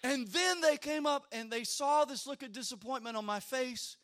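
A middle-aged man, a pastor preaching a sermon, telling a personal story in an animated way and often repeating his words. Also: very high voice, normal speed.

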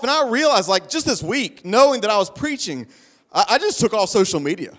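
Male pastor, high voice, passionate repetitive sermon delivery, long hall echo. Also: animated, quick pace, a bit bright. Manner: impassioned, rhythmic preaching with repeated phrases and restarts. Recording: long reverb of a large hall.

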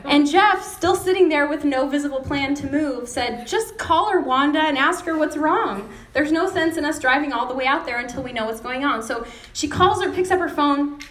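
Woman preacher, high voice, echoey hall sound, storytelling sermon delivery. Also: brisk. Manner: storytelling with lively retold dialogue. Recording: echoey room.

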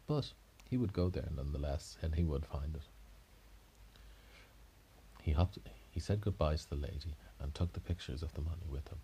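A man's voice: extremely low pitch, moderate pace, warm tone, slight background noise. A man telling an improvised detective story, rambling with frequent restarts and self-corrections.

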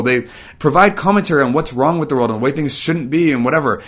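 A man giving a casual but emphatic faith-based talk, swinging between animated, raised passages and low, quiet ones, with casual fillers throughout. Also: quick pace. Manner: emphatic, builds to animated peaks then drops low and quiet; casual, filler-heavy phrasing. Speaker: Christian teacher.

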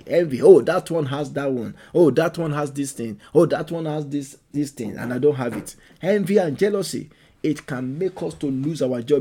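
A man preaching a sermon and leading the congregation in fervent prayer, repeating his phrases and rising into loud exhortation. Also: on the high side, gravelly, breathy edge. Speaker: pastor.

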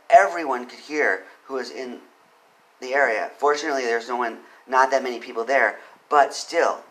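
A man giving spoken commentary on a legal case, earnest, reading quotes quickly and pressing his points with emphasis. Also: medium pitch, fairly bright tone, low-quality recording. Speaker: commentator on court cases.

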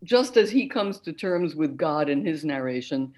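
Articulate older woman, clear and deliberate. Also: low-pitched, expressive, a little mellow. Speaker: concert narrator, guest. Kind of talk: interview conversation.

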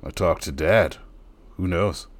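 A man with a very deep voice chats in a laid-back, offhand way, chiming in with his own comments. The sound is dry and close, with no room echo. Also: a little slow. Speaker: co-host. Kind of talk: casual chat.

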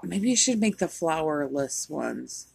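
A woman's voice: deep voice, big pitch swings, slow, creaky, darkish tone, slightly rough, no room sound. A woman co-hosting a casual podcast chat, telling stories with frequent swearing and laughter. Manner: profane, laughing storyteller. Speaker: podcast co-host.

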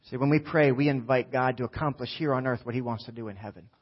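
A man's voice: mid-range voice, fast, lo-fi sound. A middle-aged man preaching a sermon as pastor, passionate and building through repeated phrases. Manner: impassioned, repetitive preaching builds.

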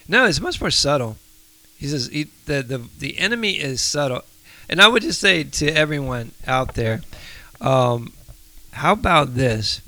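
A man co-hosting a faith podcast, asking earnest, probing questions at an unhurried pace. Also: on the high side, expressive, pushed and bright, no room sound. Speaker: podcast co-host. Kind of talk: casual faith podcast chat.

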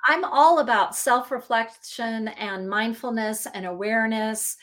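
A woman's voice: on the high side, unhurried, hardly any pauses, fairly bright tone. Earnest woman, emotions advocate. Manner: earnest, reflective, repeats phrases for emphasis. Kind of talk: casual podcast chat.

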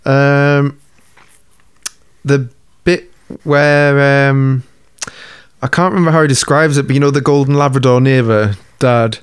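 Smooth-voiced sweary man. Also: medium pitch, fairly even intonation, a little slow, no room sound, clean studio sound. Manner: laid-back, sweary, laughs easily. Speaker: podcast co-host. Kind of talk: casual chat.

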